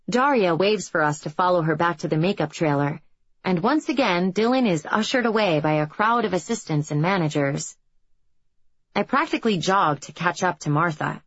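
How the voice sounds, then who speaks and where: A young woman with a low, slightly husky voice reads a first-person story aloud in even, reflective narration. The recording is dry and a little dull, with little high end. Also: measured pace, no room sound. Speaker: audiobook narrator.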